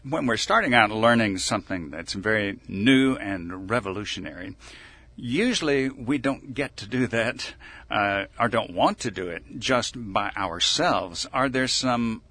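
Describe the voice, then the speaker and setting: Male radio interviewer, lowish pitch, bright tone, calm and measured. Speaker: radio host. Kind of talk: interview questions.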